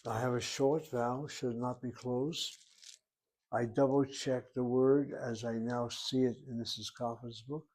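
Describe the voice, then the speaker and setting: A man's voice: mid-range voice, flat delivery, unhurried, a little mellow. A man teaching a Hebrew grammar lesson, working through each word step by step and reasoning aloud as he goes. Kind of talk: grammar lecture.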